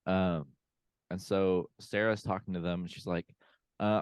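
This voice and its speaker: A man with a very low voice casually retells a movie for his podcast co-hosts, leaning on fillers and quoting characters. The sound is dry and close to the mic. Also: level tone, a little slow, clean tone, no echo. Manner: rambling recap with many fillers and quoted lines. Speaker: podcast co-host. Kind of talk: casual movie recap chat. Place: home room, remote call.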